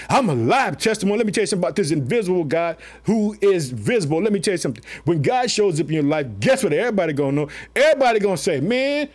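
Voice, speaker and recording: A male preacher with a notably high voice, delivering a fiery sermon. He drives his points home with repeated refrains and call-and-response questions to the congregation. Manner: exhorting, repetitive "let me tell you something", call-and-response.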